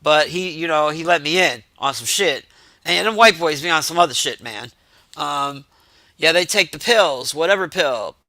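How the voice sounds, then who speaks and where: A man with a high, bright, forceful voice tells stories to his chat in a loose, profane rant. He sounds exasperated and animated, full of fillers and asides. The sound is close and dry, with no room around it. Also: normal speed, no room sound. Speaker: streamer telling stories to chat. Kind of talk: casual storytelling rant.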